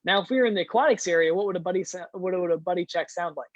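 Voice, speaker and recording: A man's voice: high-pitched, rapid-fire, dry recording, highs cut off. A man hosting a scouting den meeting for young kids, upbeat and leading activities with frequent "uh" fillers.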